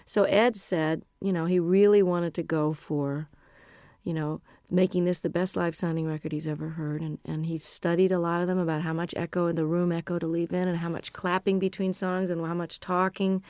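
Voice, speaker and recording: In a casual interview chat, a middle-aged woman musician talks in a chatty, rambling, frank way. Her lowish voice is a little mellow, with flat delivery at normal speed and no room sound.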